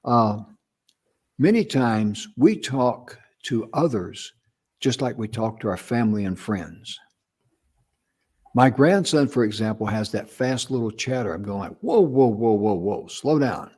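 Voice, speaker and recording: Slow, careful older man from North Carolina. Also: medium pitch, expressive, a little mellow, breathy edge. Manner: slow, deliberate, carefully pronounced speech. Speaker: co-host. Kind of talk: casual advice chat.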